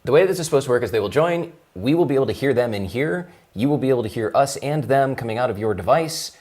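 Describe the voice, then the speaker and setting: A woman's voice: extremely low pitch, animated, fast talker, a little mellow. A woman co-hosting a live stream, joking around and fretting about getting the call to work. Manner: jokey, nervous about the tech. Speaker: livestream co-host. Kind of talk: casual live-stream banter.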